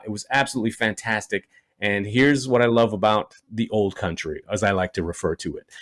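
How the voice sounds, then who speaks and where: A Canadian stand-up comedian telling a story in a relaxed, conversational way, full of "you know" and "right?" asides. His voice sits in an ordinary middle range. The sound is dry and close. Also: mid-range voice, no echo.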